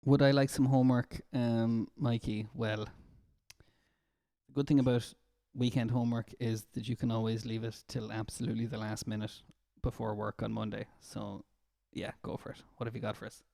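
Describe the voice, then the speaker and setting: Between songs on a live stream, this man from Ireland, a music therapist, talks casually and laughs easily while reading viewer comments aloud over acoustic guitar. His medium-pitched voice is gravelly and dark, delivered flatly at a moderate pace, in a dry, clean studio recording.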